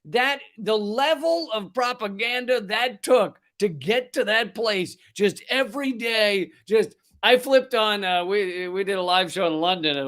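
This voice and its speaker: A man's voice: sits high, a bit bright. A man hosting a comedy news show, ranting with sarcasm, heat and plenty of swearing. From United States. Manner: profane, sarcastic, heated. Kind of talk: ranting satirical commentary.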